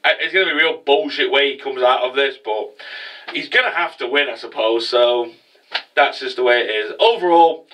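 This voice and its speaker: A man's voice: medium pitch, normal speed, a bit bright, distant mic, rough recording. A man casually recapping an anime episode as a reviewer, rambling with lots of swearing and fillers. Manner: rambling, profane, many fillers.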